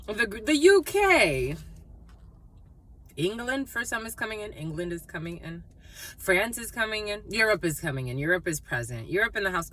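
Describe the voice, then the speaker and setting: A woman doing a casual, rambling intuitive reading, playful and quick to laugh. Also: on the low side, fairly bright tone. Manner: rambling, playful, laughs often, terms of endearment. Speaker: psychic tarot reader.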